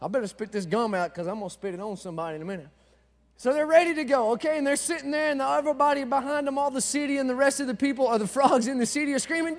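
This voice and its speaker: A man preaching an energetic sermon, telling a story loudly, sometimes shouting and talking back and forth with the crowd. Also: very high-pitched, very fast. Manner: loud, excitable, shouting at times, talks to the crowd. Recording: echoey hall.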